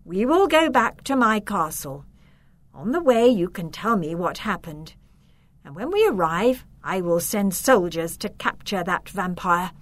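A woman voicing a kind noble countess in a storybook reading, gentle but firm. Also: mid-range voice, animated, a little slow, no room sound. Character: kind, decisive noble aunt.

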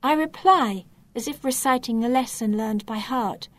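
A woman narrating a storybook reading in a measured, clear, deliberate way. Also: fairly high pitch.

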